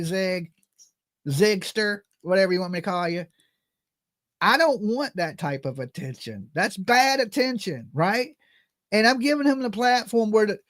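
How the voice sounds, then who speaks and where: Hosting his own channel, a high-pitched man with a drawl rants in a loose, joking, animated way, slipping into mock voices and suddenly getting louder. The recording is dry and close, without any room echo.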